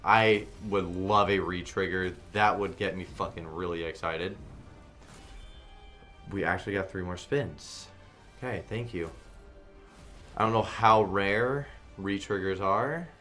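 A man commenting casually on a slot game stream, swearing a lot and swinging between flat muttering and loud outbursts. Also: deep voice, a little slow, long pauses, soft background music.

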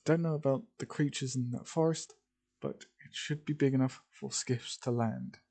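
A man narrating an improvised fan story, halting often and correcting himself as he goes. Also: medium pitch, warm tone. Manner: halting, with many fillers and self-corrections.

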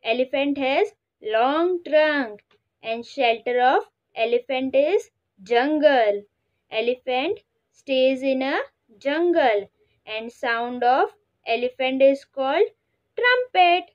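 A high-pitched woman teacher with an Indian English accent talks slowly and carefully to young pupils. She spells words out letter by letter and squeaks or quacks to imitate the animals. The recording sounds a little dull and lo-fi. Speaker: schoolteacher. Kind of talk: classroom lesson for young children.

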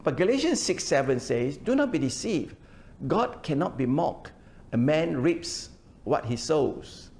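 Older pastor with a gravelly voice. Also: male voice, a little high, sing-song, unhurried, a little mellow. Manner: frequent hesitations, repeats words, explains verse by verse. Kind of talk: sermon. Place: church.

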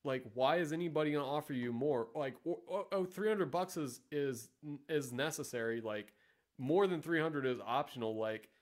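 A man's voice: on the high side, moderate pace. A man giving sarcastic, profane, rambling casual commentary as the host of a vlog. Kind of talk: casual commentary reading ads.

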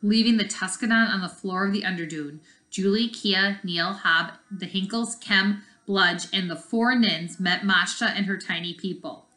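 A woman's voice: mid-range voice, normal speed, hardly any pauses, pushed and bright. Woman reading a storybook aloud in an echoey room. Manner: explains the story as she reads. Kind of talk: reading a chapter book aloud with asides.

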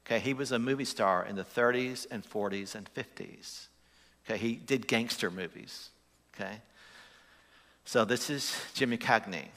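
A male pastor delivers a sermon and talks to his congregation in a conversational way, often asking them questions. His voice is bright and forceful. A long reverb trails each phrase through the church. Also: fairly low pitch, moderate pace. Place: church sanctuary.

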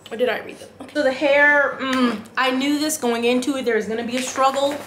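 A woman's voice: high-pitched, steady tone, brisk, a bit bright, roomy sound, slight background noise. A young woman with a congested voice, chatting casually to camera about the books she read. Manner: chatty and self-deprecating. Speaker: booktube vlogger.

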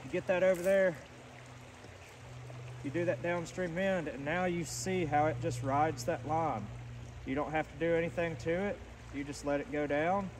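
Standing in a stream and casting, a man with a voice on the high side gives relaxed, instructive fly fishing tips. Heard through a distant outdoor mic, the loud flowing water dominates, with slight background noise.

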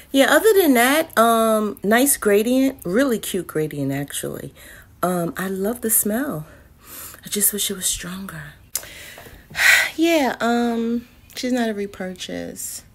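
A woman reviewing candles in a casual vlog, slangy and dramatic, cussing and swinging from mutters to loud outbursts. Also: mid-range voice, expressive, slow.

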